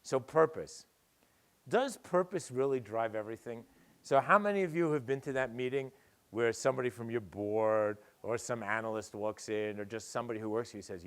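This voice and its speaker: Older male keynote speaker, mid pitch, sardonic and punchy. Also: moderate pace. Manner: punchy, sardonic, lively delivery. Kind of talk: conference keynote. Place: dinner event hall.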